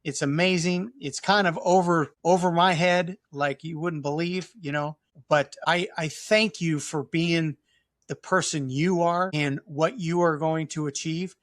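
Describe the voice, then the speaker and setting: A man's voice: fairly high pitch, steady tone, a little slow, dry recording, studio quality. A man hosting a podcast interview, wrapping up with effusive, admiring praise for his guest. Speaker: podcast host.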